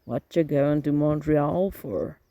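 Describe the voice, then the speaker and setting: A man voicing a blunt, nosy inspector on a train who asks short, clipped questions loudly in an audiobook. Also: a little high, slow pace, dry recording, highs cut off. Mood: gruff. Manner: loud, clipped, probing.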